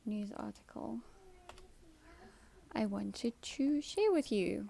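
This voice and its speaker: A woman's voice: mid-range voice, animated, slow, gravelly, dark tone. A South African woman chatting casually on a live stream from home, answering viewers by name with dry sarcasm. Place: at home, kids' TV in another room.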